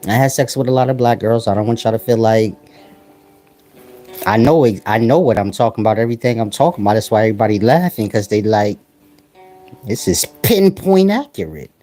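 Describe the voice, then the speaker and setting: A man holds forth in a crude, casual comic monologue, full of slang and swaggering asides. His pitch rises and falls animatedly from line to line. Faint guitar music sits behind his voice. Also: expressive, fairly quick, warm tone. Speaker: comedic ranter.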